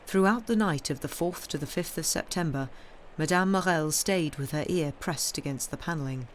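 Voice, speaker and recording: A woman reading a classic novel aloud on a live stream, in a steady, measured storytelling voice with the odd small restart. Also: sits low, slight background noise. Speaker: reader. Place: home streaming setup.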